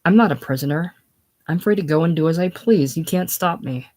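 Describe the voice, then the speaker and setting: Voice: mid-range voice, normal speed, a little mellow, no room sound, close to an everyday voice. Eva, a frightened young woman pleading, as read by a casual reader. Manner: pleading, shaky.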